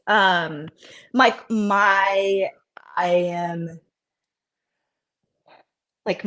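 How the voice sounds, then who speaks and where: An animated woman athlete from the CrossFit world jokes at her own expense during a casual interview conversation. She acts out quotes by switching to a higher voice.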